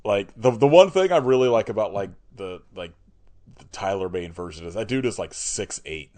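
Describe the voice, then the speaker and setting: A man's voice: on the low side, animated, moderate pace, darkish tone. A man co-hosting a podcast, chatting casually about horror movies, swearing freely and laughing often. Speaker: podcast co-host. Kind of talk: casual chat.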